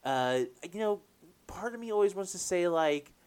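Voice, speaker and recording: A man's voice: high voice, animated, moderate pace, smooth. A man chatting casually as a podcast co-host, laughing often and trailing off with fillers. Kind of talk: casual chat.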